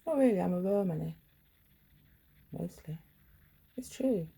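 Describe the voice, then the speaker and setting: A middle-aged woman vlogging in a rambling, profane, sardonic monologue with a gravelly, husky voice. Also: fairly low pitch, expressive, unhurried, warm tone. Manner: profane, sardonic, wandering storytelling.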